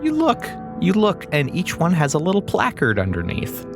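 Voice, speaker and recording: A man narrating a tabletop game as game master, relaxed with halting descriptions. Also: sits high, vocal fry, music in the background.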